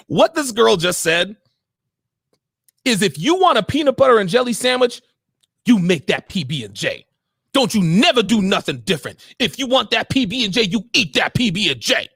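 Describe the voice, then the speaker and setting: A man streaming mocking commentary on a video clip, sarcastic and laughing often, mumbling low when he mimics her. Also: vocal fry, fairly bright tone, husky, no room sound, studio quality.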